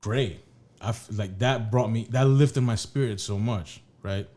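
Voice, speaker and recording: A man's voice: lowish voice, a little slow, darkish tone. Male podcast co-host, loose profane storyteller, restarts mid-sentence. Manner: rambling, profane, restarts often. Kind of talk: casual storytelling chat.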